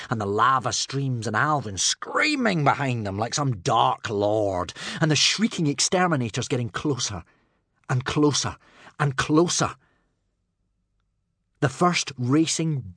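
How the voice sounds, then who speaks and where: A man narrating a children's adventure audiobook dramatically, hushing for suspense. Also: on the low side, slightly rough, dry recording, clean studio sound. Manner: dramatic, dropping to a hush for suspense.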